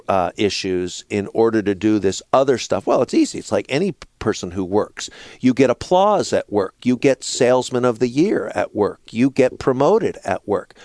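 A middle-aged man telling stories in a relaxed conversation as a guest, sometimes slipping into a squeaky toddler voice. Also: no echo, studio quality. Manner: animated storyteller, mimics a toddler in a high squeaky voice. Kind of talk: conversational storytelling.

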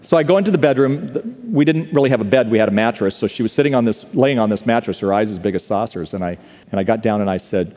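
A man's voice: on the low side, fast talker, a little mellow. A man telling a personal story during a live sermon in a large church, earnest and confessional, building to repeated declarations. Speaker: speaker. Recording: live hall recording.

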